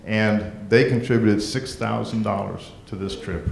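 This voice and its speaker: A man's voice: on the low side, a little slow, creaky, a little hiss or hum. Folksy man in an echoey chamber. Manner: folksy, rambling, with restarts. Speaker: mayor presenting a proclamation. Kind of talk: council meeting remarks. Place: council chamber.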